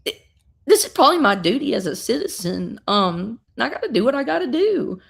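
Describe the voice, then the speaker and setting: A woman's voice: on the high side, sing-song, fairly quick, vocal fry, voice pushed up. A woman voicing a grieving older man who rambles in a courteous, folksy way.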